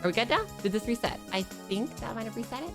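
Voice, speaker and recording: A woman livestreaming a video game from her computer at home, chatting casually, excitable and joking, with frequent swearing. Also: fairly high pitch, fast talker, over music. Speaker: streamer. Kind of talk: casual gameplay livestream chat.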